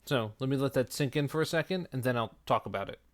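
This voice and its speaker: A man's voice: medium pitch, fast. A man teaching, going through a text line by line in a conversational way, asking himself rhetorical questions and answering them. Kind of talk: explaining a literary text line by line.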